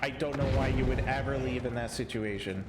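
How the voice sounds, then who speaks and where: Young guy casting a game live, gets excited and trips on words, echoey room, noisy background. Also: medium pitch, fairly quick. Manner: excitable, stumbles over words. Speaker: esports caster.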